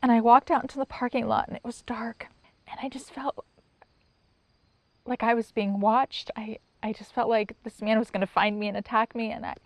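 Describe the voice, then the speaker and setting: A middle-aged woman giving personal testimony in an interview, soft-spoken and halting, with many pauses and restarts, sometimes near a whisper. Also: on the high side, no room sound. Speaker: sign language interpreter.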